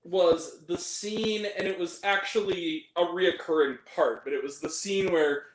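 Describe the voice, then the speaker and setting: A man hosting a casual chat about movies, animated and laughing often, acting out quoted lines. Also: sits high, measured pace, reverberant, a little hiss or hum, poor audio. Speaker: channel host.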